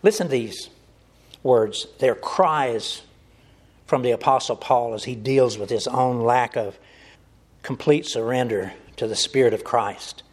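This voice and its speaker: A man's voice: medium pitch, unhurried, husky. A man preaching a sermon, earnest and direct, addressing his listeners as folks.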